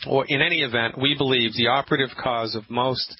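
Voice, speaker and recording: A man hosting a call-in health radio show, talking in a preachy, emphatic way with dramatic pauses. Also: mid-range voice, fairly even intonation, slightly rough, no room sound. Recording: slightly dull radio audio with faint hiss.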